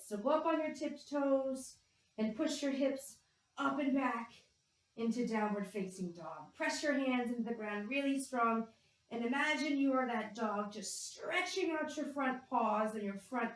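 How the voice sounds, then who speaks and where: A woman with a slightly high voice guides young children through yoga poses at an unhurried pace. She is playful and encouraging, breaking into animal sounds. Her voice comes from a distance and rings in a very echoey room. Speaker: kids yoga instructor. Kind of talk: guided kids yoga class.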